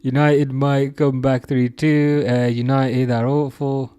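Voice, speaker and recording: A man's voice: medium pitch, level tone, takes it slowly, dark tone, smooth, dry recording. A man casually hosting a football livestream, reading viewer comments aloud and laughing often. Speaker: livestream host reading chat.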